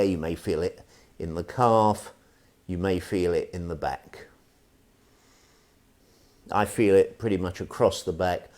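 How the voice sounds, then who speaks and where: A man leading an online tai chi stretching class, calm and gentle with wry asides. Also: low-pitched. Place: indoors at home, live stream.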